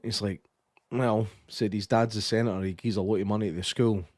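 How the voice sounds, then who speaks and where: A man's voice: on the low side, fairly even intonation, a little fast, darkish tone, no room sound, clean studio sound. A Scottish man co-hosting a podcast, casually reviewing a film and retelling its scenes with lots of swearing and quoted lines. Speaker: podcast co-host.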